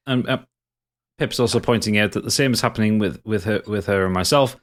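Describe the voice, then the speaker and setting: A man's voice: lowish voice, a little fast. A man with a Geordie accent co-hosting a live podcast, reading chat messages aloud and laughing often. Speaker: podcast co-host. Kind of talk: casual chat. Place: home studio, live stream.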